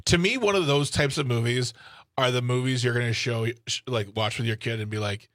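A man's voice: mid-range voice, brisk, fairly bright tone, no room sound, studio quality. A man co-hosting a radio show, chatting casually, joking and rambling. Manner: jokey, rambling, restarts words. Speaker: radio co-host.

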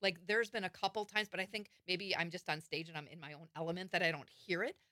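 A woman's voice: fairly low pitch, fairly even intonation, fast, pushed and bright, dry recording, studio quality. Woman with a Wisconsin accent. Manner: easygoing, with frequent ums. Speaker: comedian, guest. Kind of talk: casual chat.

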